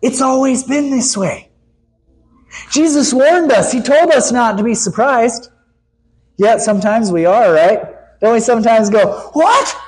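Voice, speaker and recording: A man preaching a sermon with emphasis, his voice rising high for the voices he quotes and dropping low when he reads scripture. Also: normal speed, darkish tone, slightly rough.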